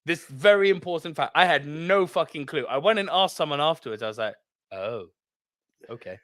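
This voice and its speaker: Man, posh English accent, podcast co-host, bright tone, dry close sound. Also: fairly high pitch, lively intonation, moderate pace, no echo. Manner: swearing, laughing anecdote-teller. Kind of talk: casual chat, storytelling.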